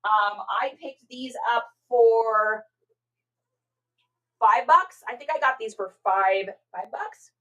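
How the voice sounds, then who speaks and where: A middle-aged woman hosts a casual live stream, chatting and expressively reading viewer comments with lots of fillers and repeated words. Her voice is a little high and her pace slow, on dull-sounding audio.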